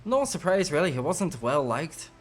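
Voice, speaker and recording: A man doing a brisk male scout with an Irish lilt, reeling off roads and towns like a well-worn guide in a fantasy game. His pitch sits a bit high and keeps moving, and soft music hums faintly underneath. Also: big pitch swings. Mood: helpful. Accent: Irish, put on.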